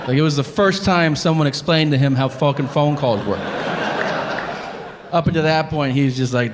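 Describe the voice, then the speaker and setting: A man's voice: on the high side, normal speed, background noise. A man doing stand-up, telling a story in a profane, incredulous, exasperated way. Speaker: stand-up comedian. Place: live comedy venue. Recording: live hall reverb, faint room ambience.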